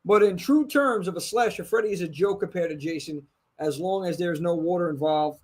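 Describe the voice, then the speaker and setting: A man with a Brooklyn New York accent hosting a casual live horror chat, animated and joking, swearing freely. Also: high-pitched, fairly quick. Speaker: podcast host.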